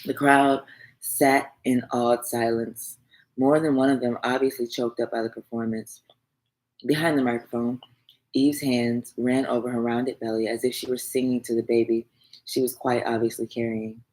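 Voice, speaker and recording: A woman narrating a romance novel for an audiobook, in an even, measured reading voice. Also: very deep voice, poor audio.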